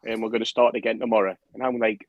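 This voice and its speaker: A man telling a lively anecdote on a podcast, acting out the other people's lines. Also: on the low side, quick pace, creaky, dry recording, highs cut off. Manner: animated storyteller, acts out quotes, laughs often. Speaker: podcast guest telling a story. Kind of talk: casual anecdote.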